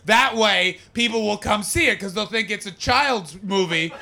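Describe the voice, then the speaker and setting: A man's voice: high voice, moderate pace, gravelly, bright, forceful tone, exaggerated voice. A man putting on an intense male horror film director who talks as if trying to bite you. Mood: eager pitching. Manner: intense, hungry, talks like biting.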